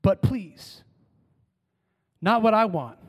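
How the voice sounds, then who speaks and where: A man preaches with a bright, high-pitched voice, leading his congregation in call-and-response. He moves between strong, emphatic lines and soft, hushed phrases. His voice rings out in a church with a long, lingering reverb. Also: expressive, slow. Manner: dynamic, swinging from emphatic calls to hushed words. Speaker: pastor. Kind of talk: sermon. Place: church sanctuary.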